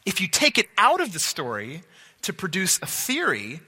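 A man's voice: sits high, huge pitch swings, moderate pace, sharp tone, husky, in a large hall. A man preaching a sermon, teaching emphatically and asking rhetorical questions.

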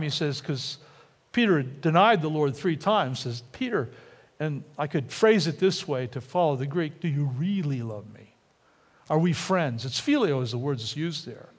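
A man's voice: a little high, in a large hall. A man preaching a sermon in a church, acting out quotes by raising and dropping his voice. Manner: animated, acts out quotes with rising and dropping voice. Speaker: pastor. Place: church sanctuary.

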